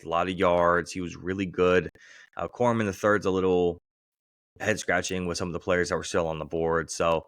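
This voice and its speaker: A man with a low, deep voice talks through sports picks in a relaxed podcast chat. He leans on fillers and gets animated when he retells a story. The sound is dry and close, with no room around it. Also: clear, resonant tone, no room sound. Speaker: podcast co-host.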